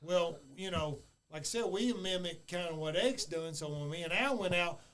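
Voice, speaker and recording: A man's voice: sits high, moderate pace, fairly bright tone, slight background noise. A man, a former wrestler, trading profane stories in casual chat and acting out the voices of the people in them. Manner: profane, laughing storyteller who acts out voices.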